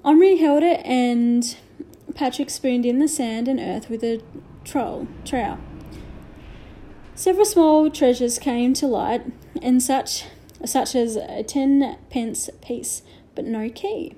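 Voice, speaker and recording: A woman reading a children's novel aloud with gentle storytelling and hushed asides. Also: high voice, slow. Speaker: reader.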